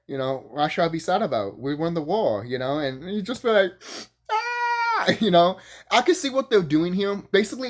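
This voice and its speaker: A man giving a casual, profane, rambling review, full of fillers and bursts of laughter. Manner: animated, jumps high when excited. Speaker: YouTube reviewer.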